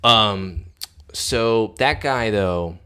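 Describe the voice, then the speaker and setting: A man's voice: fairly low pitch, drawn-out words, pushed and bright, clear, resonant tone. A man co-hosting a casual recap chat with wry reactions and jokes. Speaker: podcast co-host.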